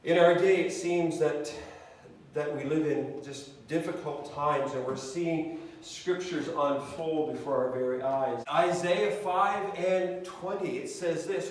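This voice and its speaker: A man preaching a sermon as pastor, speaking haltingly with many restarts and fillers. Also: on the high side, slight background noise. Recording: echoey hall, mic at a distance.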